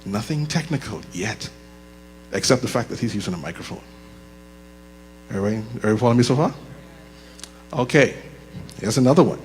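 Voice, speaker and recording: A man's voice: medium pitch, lively intonation. Joking man teaching in an echoey hall. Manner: conversational and joking, slows down deliberately. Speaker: leadership course instructor. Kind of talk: live workshop talk. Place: church room with audible echo. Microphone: handheld microphone. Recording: reverberant hall with mains hum.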